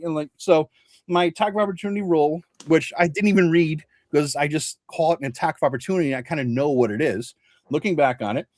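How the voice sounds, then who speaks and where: A middle-aged man, a regular host and game master, telling a story in casual chat, swearing often and switching into animated quoted voices. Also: fairly high pitch, no echo, studio quality.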